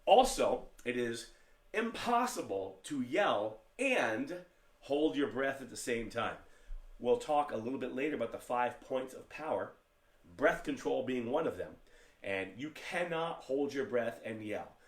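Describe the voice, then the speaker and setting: A man teaching an online martial arts class, giving upbeat step-by-step commands for stances and warm-ups. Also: mid-range voice, lively intonation, unhurried, reverberant. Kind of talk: online fitness class instruction.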